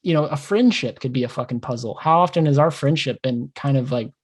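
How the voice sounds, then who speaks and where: A man's voice: mid-range voice, brisk, breathy edge. A man co-hosting a casual podcast, ranting passionately and swearing freely, often acting out his own thoughts in quoted asides. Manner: passionate rambling rant with swearing. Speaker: podcast co-host.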